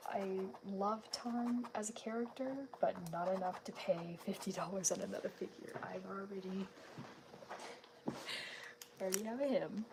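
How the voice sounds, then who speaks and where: Woman streamer, casual chat while drawing, mid-pitched, chatty and giggly, held-back volume, home at night. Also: a little slow, long pauses, background noise. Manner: chatty, laughs often, greets viewers; keeps her voice down so her family is not disturbed. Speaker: art streamer.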